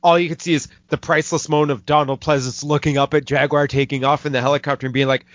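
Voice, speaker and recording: A man's voice: a little high, little pitch movement, no echo. Laid-back man trashing a movie, dry dull audio. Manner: loose and profane, drops quick mocking impressions into his retelling. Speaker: podcast host reviewing a movie. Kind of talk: casual chat.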